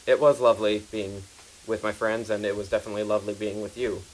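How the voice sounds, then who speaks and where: A woman playing a tabletop game, calm and gently reassuring. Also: extremely low pitch, fast, heavy background noise. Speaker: player.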